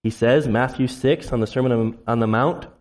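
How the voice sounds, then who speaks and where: A man's voice: steady tone, normal speed. Man preaching an impassioned sermon. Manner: impassioned preaching, swinging from loud emphasis to low intensity. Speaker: pastor. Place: church sanctuary.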